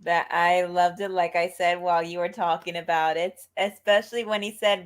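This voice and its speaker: A woman's voice: on the low side, fairly even intonation, normal speed. A woman co-hosting a wrestling review show, chatting casually and arguing her points firmly. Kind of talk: casual chat.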